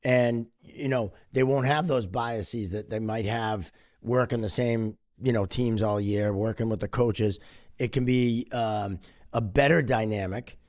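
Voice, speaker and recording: A man's voice: on the low side, a little slow, a little mellow, no room sound, studio quality. A middle-aged man, a hockey official co-hosting a podcast, talking in an easygoing, conversational way and playing devil's advocate. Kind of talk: casual podcast chat.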